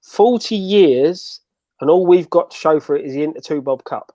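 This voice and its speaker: High-pitched bloke, chatty and dry-sounding, calling in over video from home. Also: male voice, moderate pace, dark tone, no room sound. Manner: chatty, repeats himself as he talks. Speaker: regular panelist. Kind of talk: casual chat. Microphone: video call from home.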